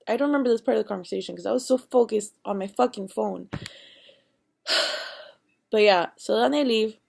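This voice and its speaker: A woman's voice: mid-range voice, gravelly, darkish tone. A young woman in her early twenties telling a rambling storytime, swearing freely and acting out what everyone said. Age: young adult. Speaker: vlogger. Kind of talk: casual storytime.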